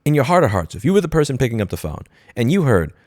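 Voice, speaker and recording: A man's voice: medium pitch, sing-song, very fast, darkish tone, no room sound. A man hosting a commentary video, ranting angrily with profane, sarcastic outbursts, close to a studio mic. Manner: mocking, switching into put-on corporate voices. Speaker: commentary host. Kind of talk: angry commentary rant. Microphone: studio microphone.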